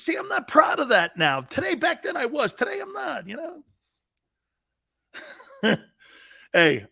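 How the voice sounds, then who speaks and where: A middle-aged man hosting a sports talk show in casual chat, laughing often and breaking into loud outbursts. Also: a little high, creaky, dry recording, studio quality.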